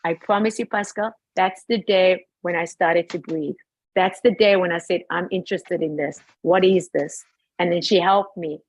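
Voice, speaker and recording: A woman telling a personal family story in casual chat, animated and acting out the quoted dialogue. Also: on the low side, normal speed, breathy edge, low-quality recording.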